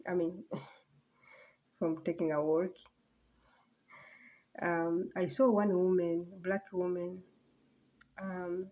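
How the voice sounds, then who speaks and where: Brief: woman vlogger, mellow soft voice, halting and rambling, slips to near whispers. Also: on the low side. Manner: halting, rambling, many fillers and restarts. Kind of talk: casual personal vlog monologue.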